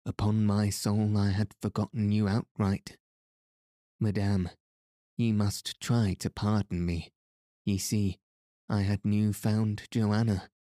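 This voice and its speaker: An ardent young knight from an old storybook, courtly and sincere, voiced by a man reading aloud. His voice sits low and dark, with little rise and fall. It sounds close and dry, with no room around it. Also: little pitch movement, takes it slowly, dry recording. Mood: apologetic. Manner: earnest, old-fashioned courtly speech. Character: ardent young male knight, humbled but joyful. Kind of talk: audiobook reading.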